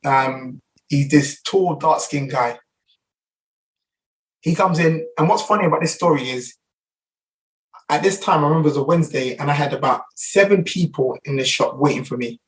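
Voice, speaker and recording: A middle-aged Englishman with a London accent and a slightly high voice is heard from a distance on a rough recording. He's a barber guest in a casual interview, firing off anecdotes quickly, packed with fillers and restarts.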